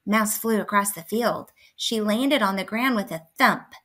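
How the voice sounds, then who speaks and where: A woman's voice: medium pitch, unhurried. A woman reading a children's story aloud. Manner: clear, expressive storytelling. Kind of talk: children's read-aloud narration.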